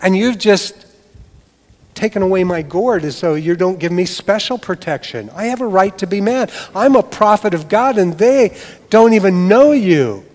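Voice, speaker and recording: A man's voice: medium pitch, slow pace, pauses often, darkish tone, voice pushed down. A man voicing an indignant male prophet who complains insistently that he has been wronged. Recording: long hall reverb.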